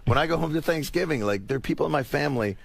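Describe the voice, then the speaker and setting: A man in his fifties, a talk show guest, chatting in a wry, rambling, self-deprecating way with quick asides. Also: fairly high pitch, animated, vocal fry, dry recording. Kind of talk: casual talk show conversation. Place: television studio.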